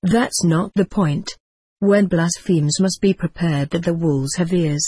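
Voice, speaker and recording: A reader voicing a stern male judge questioning an accused man in an audiobook, with a husky tone. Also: fairly high pitch, measured pace, dark tone, no room sound.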